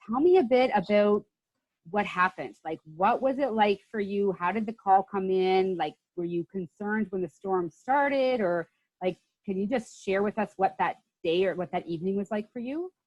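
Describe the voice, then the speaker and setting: A woman's voice: mid-range voice, no room sound, muffled recording. A woman hosting an interview, asking her guest encouraging, open follow-up questions. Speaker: interviewer, podcast host. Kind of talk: casual interview.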